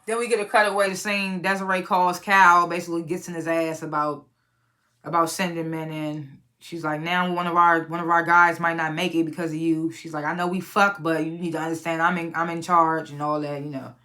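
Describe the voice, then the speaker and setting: A woman's voice: lowish voice, little pitch movement, fairly quick, bright, forceful tone. Blunt, profane woman recapping a TV episode. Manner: blunt and profane, retells scenes by acting out characters' lines. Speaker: TV review channel host. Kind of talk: casual spoken episode recap and review.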